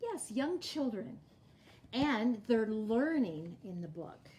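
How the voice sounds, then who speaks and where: A woman leading a library storytime, reading a picture book aloud and teaching young children in a clear, animated way. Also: on the high side, takes it slowly. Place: library programme room.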